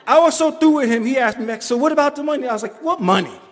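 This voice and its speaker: A man from the Bronx telling a story on stage, animated and acting out the voices of the people in it. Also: very high voice, fast talker, long reverb tail, some chatter behind. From the Bronx, New York.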